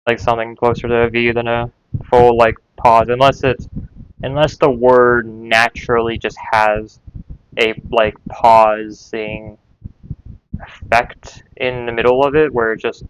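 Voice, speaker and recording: A man's voice: medium pitch, dull audio, slight background noise. A man learning a language, thinking aloud in a casual, hesitant way, trailing off and repeating sounds to himself.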